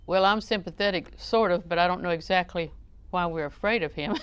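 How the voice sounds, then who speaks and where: A woman's voice: fairly low pitch, normal speed, a bit bright, clean tone, no echo. A woman preaching a sermon in a conversational, joking way, often questioning her audience.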